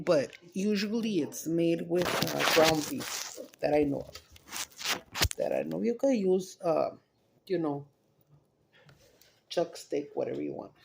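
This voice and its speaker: A woman's voice: low-pitched, vocal fry, background noise. A middle-aged woman chatting casually on camera at home during a meal, rambling from topic to topic, swearing offhandedly and slipping into Spanish. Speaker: mukbang vlogger. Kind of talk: casual chat while eating on camera. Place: at home, indoors.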